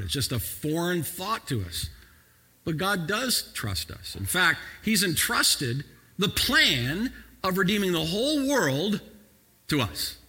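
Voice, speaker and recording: A man preaching a sermon as a pastor, moving from quiet, measured passages to loud, shouting emphasis. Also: mid-range voice, husky, long reverb tail.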